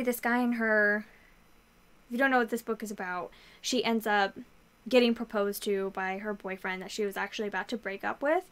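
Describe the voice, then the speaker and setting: A woman's voice: fairly high pitch, fairly bright tone. A young woman vlogger chatting casually about books she read, with many "like" fillers. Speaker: book vlogger. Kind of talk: casual book review chat.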